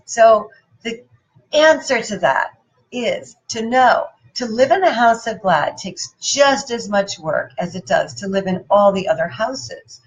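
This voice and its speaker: A woman giving a playful, animated motivational talk and putting questions to her audience. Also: a little high, measured pace, muffled recording. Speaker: motivational speaker.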